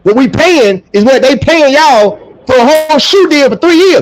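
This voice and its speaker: A man rants straight to camera, blunt and profane. His voice sits unusually high and leaps around wildly, dropping low for emphasis and jumping up in mock dialogue. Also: normal speed, low-quality recording. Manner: blunt, profane, animated, swings between loud and low. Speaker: track coach and vlogger. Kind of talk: ranting to camera.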